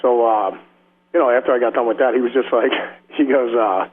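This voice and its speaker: A man's voice: mid-range voice, steady tone, brisk. A man telling rambling stories in a casual radio interview, heavy on slang, laughing often and acting out the people in them. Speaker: rock guitarist guest. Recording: slightly dull radio audio.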